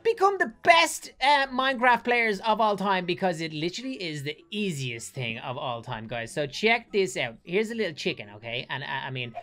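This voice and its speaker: A woman hosting a gaming video, giving excited commentary with lots of laughing and quick restarts. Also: lowish voice, soft background music. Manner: hyped, laughing often, rambling with restarts.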